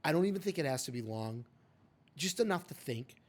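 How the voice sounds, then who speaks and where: A man's voice: on the high side, animated, a little fast. Male podcast host, emphatic and opinionated, casual chat. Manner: opinionated and emphatic, often addresses his co-host by name.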